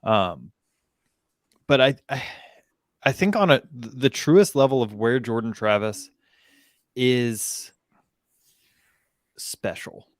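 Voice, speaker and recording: A man's voice: medium pitch, lively intonation, takes it slowly, long pauses, no room sound, clean studio sound. A man on a casual college football podcast, explaining stats with frequent ums and self-corrections.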